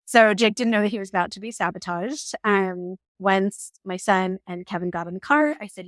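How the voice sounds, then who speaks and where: A woman in her forties telling a personal story on her vlog in an animated, emotional way, laughing now and then. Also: medium pitch, moderate pace, no room sound, studio quality. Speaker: vlogger.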